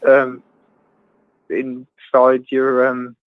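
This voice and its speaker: A man's voice: medium pitch, monotone, very slow, clean tone, no room sound. A man chatting casually on a livestream, joking crudely, laughing often and stumbling over fillers. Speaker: guest on a livestream chat. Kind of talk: casual banter. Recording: tinny phone-like video call audio, dry.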